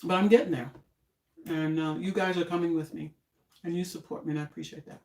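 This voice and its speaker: An older woman chatting casually on a home cooking live stream, homey and relaxed, talking while she eats. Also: on the low side, fairly quick, reverberant. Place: home kitchen.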